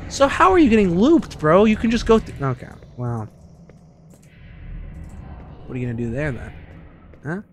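A young man streaming a game, giving loud and excitable commentary with lots of swearing and trash talk. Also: a little high, slight background noise. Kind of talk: casual gameplay commentary.

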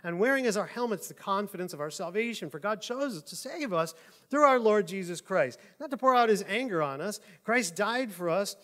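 A man's voice: high voice, fairly bright tone. A male pastor preaching a sermon in church, conversational and joking, with asides to the congregation.

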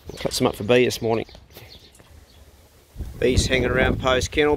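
A middle-aged New Zealander, a farmer and pig hunter, chats casually on his vlog outdoors by the dog kennels on his rural farm. He talks to his dogs fondly and coaxingly, relaxed and chatty. His voice is mid-range at normal speed with frequent pauses, plus a little hiss or hum.

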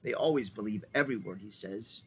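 A man voicing an old male magician, genial and fussy, in a high lilting old-man voice for a storybook reading. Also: a little fast, a bit bright, a little hiss or hum, natural voice. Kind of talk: storybook read-aloud.

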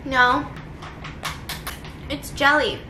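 A woman vlogger chatting casually and excitedly, exclaiming often and swearing now and then. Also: sits high, very slow. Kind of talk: casual vlog chat. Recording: echoey room with background noise.

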